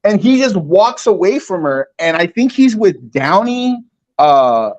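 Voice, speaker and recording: Guesting on a livestream, a man tells a story in a rambling, casual way, heavy with "like" and "you know" and acted-out quotes. His voice sits high and sing-song, a little slow, and the recording is muffled.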